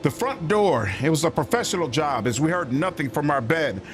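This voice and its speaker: A man's voice: a little high, expressive, fairly quick, lightly acted. A man voicing a flustered, prim, well-bred lady who owns a robbed manor, reading game dialogue aloud. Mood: earnest. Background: game music.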